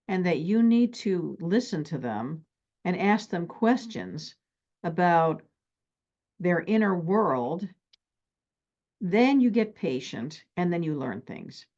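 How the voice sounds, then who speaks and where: A middle-aged woman therapist teaching relationship skills and acting out stories from her life in an animated, extroverted way. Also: lowish voice, slow pace, muffled recording. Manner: animated, extroverted, acts out anecdotes.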